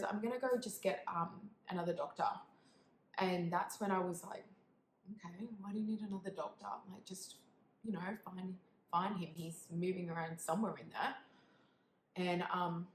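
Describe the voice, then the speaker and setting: A young woman tells a painful personal story to camera, halting and emotional, with many fillers and quiet, whispered moments. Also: on the low side. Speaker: vlogger. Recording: echoey room with faint background noise.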